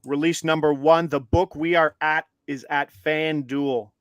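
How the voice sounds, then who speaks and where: A man's voice: fairly high pitch, unhurried, smooth, no echo. A man co-hosting a live sports betting stream, upbeat and walking viewers through each step. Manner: upbeat, steady and instructive, walks viewers through steps. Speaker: co-host.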